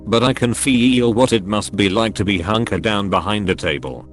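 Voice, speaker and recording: A man narrating a string of online comments in a scripted reading, spelling out even web links word for word. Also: on the low side, normal speed, faint music behind. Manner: reads every text literally, web links spelled out.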